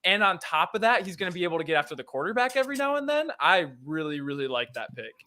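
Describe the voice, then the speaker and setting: A man's voice: high-pitched, sing-song, fast, pushed and bright. A man talking as a guest on a casual sports show, chatty and teasing, laughing often.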